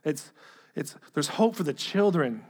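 Guy preaching, earnest, kinda high voice, repeats words to push a point, trails off quiet. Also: expressive, a little slow, slightly rough. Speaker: pastor. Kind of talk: sermon reading a letter aloud.

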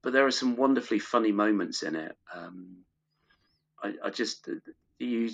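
Give me a middle-aged podcast guest, a man with a low voice who rambles and restarts, recorded on a muffled, lo-fi line. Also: normal speed, vocal fry. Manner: rambling, many restarts, fond enthusiasm. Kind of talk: casual chat. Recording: dull lo-fi recording.

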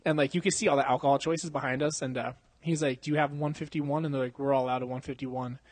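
A man's voice: medium pitch, fairly even intonation, quick pace, no room sound. A young man telling a long bar story on a podcast, swearing a lot and laughing as he acts out what people said. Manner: laughs often, profane, slangy, acts out quotes. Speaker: podcast host. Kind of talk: casual storytelling. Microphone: handheld mic.

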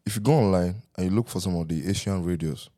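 Quick low-voiced man. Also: mellow. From Nigeria. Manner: quick, keeps pushing to explain. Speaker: podcast co-host. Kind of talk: casual group chat.

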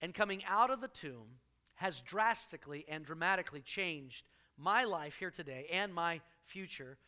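This preacher has a high, very bright voice that rings out over the congregation. His delivery is animated and jokey, and he leans hard into loud bursts when he drives a point home. It sounds like a church sermon, loose and conversational between the big moments. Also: normal speed. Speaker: pastor.

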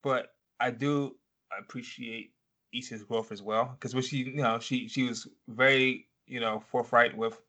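A man's voice: mid-range voice, fairly even intonation, a little slow, sharp tone. A man co-hosting a casual podcast chat, recapping a TV episode in a laid-back way and swearing freely. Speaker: podcast co-host.

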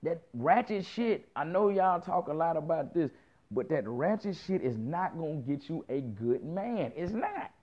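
A man in his thirties, his voice a little high and his pace a little slow, tells a story as a casual rant. He's profane and animated, heavy on slang and acted-out quotes, and the recording sounds muffled and lo-fi.

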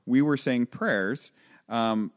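A man's voice: mid-range voice, slow, dry recording, studio quality. A man who is a podcast guest, chatting casually and telling funny stories about being a father. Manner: chatty storyteller, frequent restarts and laughs. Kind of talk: casual chat.

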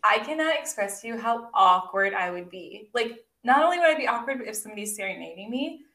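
A woman's voice: on the high side, expressive, brisk, bright, forceful tone. A young woman co-hosting a casual chat, talking in a chatty way with many "like"s and frequent laughs. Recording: echoey room.

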